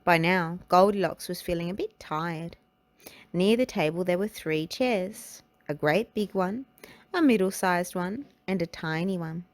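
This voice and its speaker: A woman reading a children's storybook and nursery rhymes aloud, in a gentle, unhurried way. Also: fairly low pitch, dry recording. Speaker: children's book reader.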